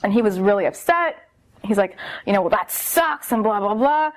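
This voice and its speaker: A woman's voice: mid-range voice, normal speed. A young woman vlogger telling a bad first date story in a casual, exasperated way, full of "like" and "seriously.". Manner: exasperated, animated storyteller who repeats "like" and "seriously".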